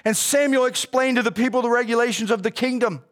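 A man preaching a sermon as a pastor, casual and animated, with slang. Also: extremely high pitch, quick pace.

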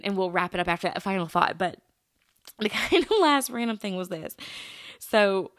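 Gal rambling on her podcast, laughs a lot, dry close sound, middle pitch. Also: no room sound. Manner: chatty, laughs often, addresses listeners as y'all. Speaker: podcast host. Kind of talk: casual solo podcast chat.

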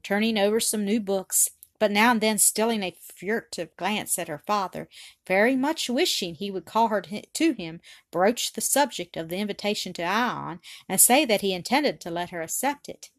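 A woman narrating an audiobook in a calm, even storytelling manner. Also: mid-range voice, no echo, studio quality. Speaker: audiobook reader. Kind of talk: scripted narration.

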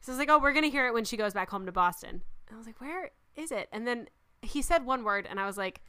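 A woman in casual chat about movies, telling stories in an animated way and acting out her own reactions. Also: on the high side, very fast, clear, resonant tone, no echo, studio quality.

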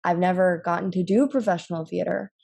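A young actress speaking in a thoughtful, earnest, measured way during a casual conversation. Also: female voice, fairly low pitch, vocal fry, darkish tone. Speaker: actress, guest.

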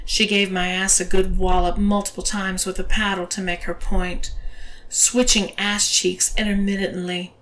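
A woman narrating an erotic audio story in a slow, hushed voice, sometimes dropping to a whisper. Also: medium pitch, flat delivery, poor audio.

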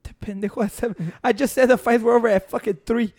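A man's voice: extremely high pitch, steady tone, quick pace, darkish tone. A young man on a podcast, teasing and arguing with his friends and swearing a lot. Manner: teasing, profane, argumentative. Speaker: podcast co-host. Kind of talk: casual chat.

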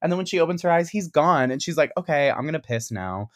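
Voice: medium pitch, fast, dry recording, clean studio sound. A speaker in casual podcast chat, recapping a horror scene with lots of swearing and acted-out lines and screams. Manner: animated, swearing, acting out screams and quotes.

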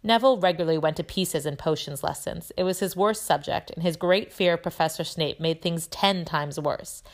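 A woman with a lowish voice reads a chapter book aloud to children. She narrates steadily and clearly, keeping an even, measured pace as a teacher would. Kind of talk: storybook reading aloud.

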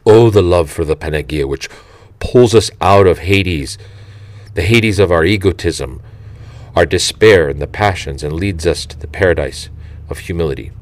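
Male reader, very deep and dry, slow and reverent, for devotional audiobook narration. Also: dry recording. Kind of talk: reading a saint's life aloud.

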